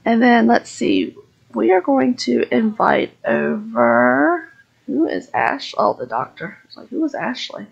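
A woman giving casual Let's Play commentary on a life-simulation game, chatting and voicing her character's reactions in quick asides. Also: on the high side, sing-song, vocal fry, slightly rough, muffled recording. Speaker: gaming YouTuber.

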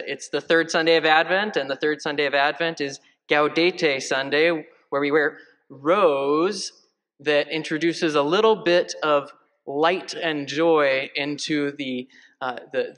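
A man preaches a homily as a parish priest, easygoing and lightly joking, with plenty of ums and uhs along the way. His voice sits a little high for a man. A long reverb trails each phrase through the church. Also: a bit bright. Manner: chatty, joking, many fillers. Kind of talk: conversational homily. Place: large church.

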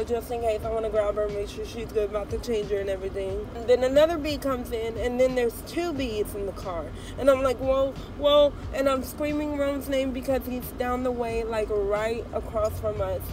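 A young woman and mom telling a lively story in a casual vlog, with an African American English accent. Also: on the high side, noisy background. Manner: animated, excitable storytelling. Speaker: vlogger, mom.

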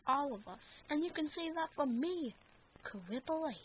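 A woman's voice: high voice, animated, normal speed. A woman acting out a playful action figure wrestling skit, rambling and bantering back and forth with herself. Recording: tinny phone-like recording with faint noise.

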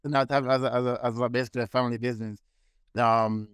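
A man from the UK, a fighter guest, talking casually in halting sentences full of fillers. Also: mid-range voice, little pitch movement, a bit bright, clean tone, no room sound. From United Kingdom. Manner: halting, full of fillers and restarts, laughs easily. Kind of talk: casual interview chat.

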